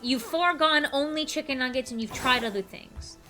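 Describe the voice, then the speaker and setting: A woman's voice: high-pitched, brisk, bright, forceful tone, faint music behind. A woman streaming a game, chatting casually and playfully, teasing her viewers. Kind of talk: casual chat while gaming on stream. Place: at a home computer desk.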